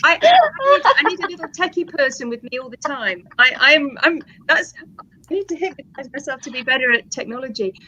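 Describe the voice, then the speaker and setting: Bright-voiced British woman, chatty. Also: sits high, brisk, lo-fi sound, slight background noise. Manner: chatty, laughs often, restarts. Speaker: hypnotherapist guest. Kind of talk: casual chat.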